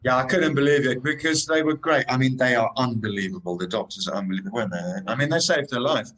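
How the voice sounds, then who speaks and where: A man guest on a podcast, telling lively travel anecdotes in casual chat over a remote call, often adding "man" and "eh". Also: mid-range voice, quick pace, rough recording. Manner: animated anecdotes, says "man" and "eh".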